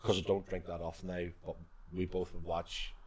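A very deep-voiced man in his thirties, co-hosting a casual podcast. He tells stories in a loose, chatty way and laughs easily. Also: little pitch movement, normal speed, a little mellow. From Northern Ireland. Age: 30s. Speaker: podcast co-host, gym owner and personal trainer. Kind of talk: casual chat.

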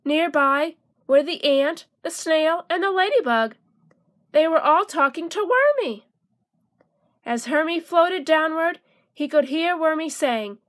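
A woman reading a children's storybook aloud in a slow, gentle, expressive way. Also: high voice.

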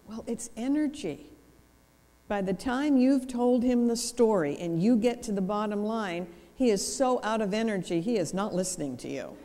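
A woman giving a seminar talk in a lowered, even professional voice, explaining with wry humor into a microphone. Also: measured pace. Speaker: seminar speaker. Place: church hall. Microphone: handheld or lapel microphone. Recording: reverberant church hall.

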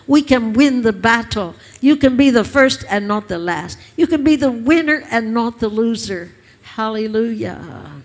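A woman pastor preaching a sermon, urging her listeners with emphatic, repeated lines. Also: on the high side. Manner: emphatic, repetitive exhortation.

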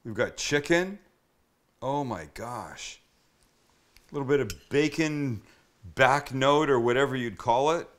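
A man's voice: medium pitch, moderate pace, a bit bright, rough recording. A man hosting a casual cooking demonstration, chatty and enthusiastic as he walks the viewer through each step. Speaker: cooking show host.

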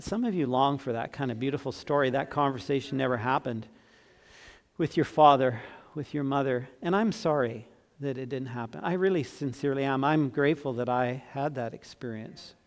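A man in his sixties preaching a sermon as pastor, earnest, swinging from emphatic to soft and tender. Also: medium pitch. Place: church sanctuary. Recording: long church reverb.

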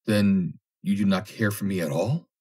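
A man's voice: low-pitched, normal speed, dark tone, slightly rough. A man reading aloud, voicing a jealous young man who pleads and then threatens. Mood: pleading. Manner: pleading and bitter. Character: jealous, possessive young man, obsessive suitor.

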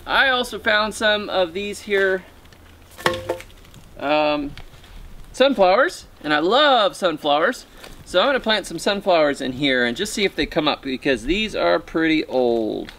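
A man talks through a casual gardening vlog while planting seeds in an outdoor garden. His voice sits a bit high and swings widely in pitch. He comes across as chatty, goofy and upbeat. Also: lively intonation, a little slow, fairly bright tone. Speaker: gardening YouTuber.

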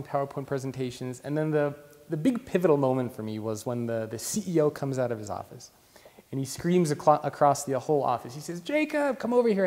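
A young man, a guest in an interview, telling his own story in a lively, conversational way. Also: a little high. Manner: lively storyteller who acts out voices. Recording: long reverb in the room.

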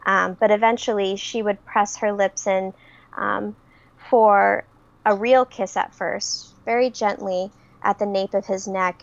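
A young woman describing her character's actions in a tabletop game, slow and hesitant with many pauses. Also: mid-range voice, vocal fry, muffled recording. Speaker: player.

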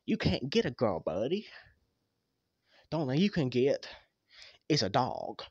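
A man's voice: medium pitch, sing-song, a little slow, darkish tone, husky, no echo, lo-fi sound. A man voicing a nagging, mocking male fox animatronic who needles and taunts the others in a fan machinima. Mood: taunting.

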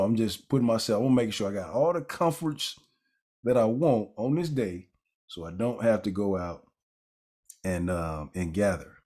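A man's voice: sits low, darkish tone, husky. A man giving a conversational Bible lesson, wandering into casual asides with fillers and restarts, then reading scripture aloud and stressing key words. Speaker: Bible teacher.

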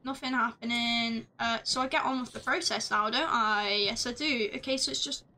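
A woman streaming a game live, chatting along as she plays, swearing freely and shouting at the screen. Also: a little high, steady tone, normal speed. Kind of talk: live gameplay commentary.

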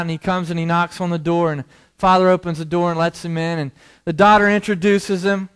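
A man telling a story in a chapel sermon in a casual, conversational way, acting out the people in it and dropping soft and low for serious points. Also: clear, resonant tone. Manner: casual, conversational, uses slang like "man" and "cool". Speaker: chapel speaker.

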